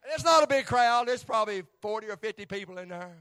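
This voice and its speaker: Male preacher, middle-aged, very high voice, storytelling testimony with big swings from hushed to loud, repeats lines for effect. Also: quick pace, smooth. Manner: animated, swings from hushed to shouting, repeats phrases. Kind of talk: sermon storytelling.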